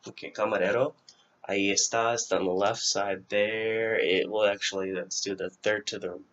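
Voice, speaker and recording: Low-voiced casual male teacher, lo-fi. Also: steady tone, moderate pace, fairly bright tone. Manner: casual, self-correcting, thinks aloud with fillers. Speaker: Spanish teacher. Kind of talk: informal vocabulary review lesson. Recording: dull lo-fi recording.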